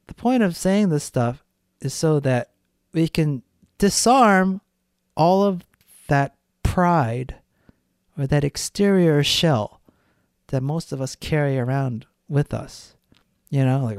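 A man's voice: fairly high pitch, lively intonation, unhurried, long pauses, clean tone, no room sound. Guy ranting on his own podcast, swears a lot, super dry sound. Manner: blunt, profane, ranting. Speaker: podcast host. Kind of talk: solo podcast monologue.

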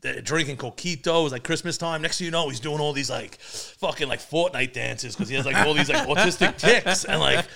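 A man's voice: a little high, brisk, vocal fry, few pauses, a crowd in the background. A man co-hosting a podcast, telling rambling stories in casual chat and laughing often. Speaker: podcast co-host.

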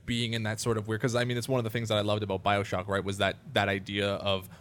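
A man hosting a casual gaming podcast, talking fast and excitably with lots of "like" and restarts. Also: fairly low pitch, a little hiss or hum. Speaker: podcast host. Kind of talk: casual chat.

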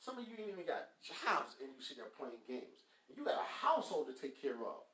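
A man's voice: fairly high pitch, big pitch swings, fairly quick, fairly bright tone. A man, hosting a podcast with a blunt, scolding motivational rant that mocks people with quacking. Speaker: podcast host. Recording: echoey room.

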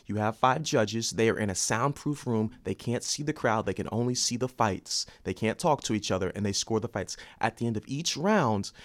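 A young man giving an angry, heated ranting commentary on combat sports, loud and repetitive. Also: mid-range voice.

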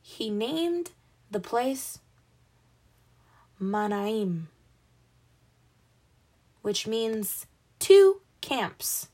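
With a fairly high, mellow voice and lively intonation, a woman reads a Bible passage extremely slowly, leaving long pauses. Her manner is casual and apologetic; she stumbles over words and laughs at her own slips.

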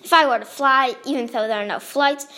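A woman reading her own story aloud in a lively, expressive way. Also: high voice, fairly quick.

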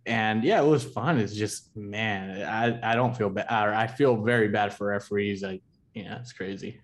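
A man's voice: fairly low pitch, moderate pace. A young adult man in casual chat, easygoing and rambling, often restarting his sentences. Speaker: dance dad, podcast guest.

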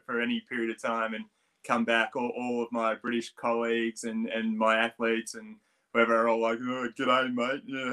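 A man's voice: mid-range voice, bright, forceful tone. Chatty middle-aged Australian man. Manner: chatty, many restarts and fillers, rambling. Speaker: swim coach, guest. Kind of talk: casual interview chat.

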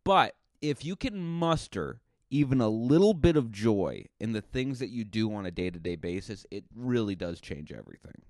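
A man's voice: lowish voice, very animated, moderate pace, few pauses, a little mellow, no room sound, clean studio sound. A male stand-up comedian talking through a casual podcast monologue, chatty and rambling, with plenty of restarts and fillers.

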